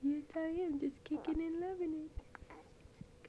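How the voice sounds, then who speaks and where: A woman coos baby talk to her infant, her high voice soft and often sinking to a whisper. She talks slowly and soothingly, drawing out her words. The sound is dull and lo-fi with a faint hiss, like an old home tape. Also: steady tone. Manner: gentle, soothing, drawn-out exclamations. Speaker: mother talking to her baby.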